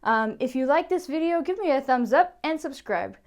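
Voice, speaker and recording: An American woman teaching an English pronunciation lesson, saying each example word slowly and carefully and checking in with "okay?" after her points. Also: high-pitched, animated. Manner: repeats words carefully, ends points with "okay?". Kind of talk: slow, deliberate pronunciation lesson.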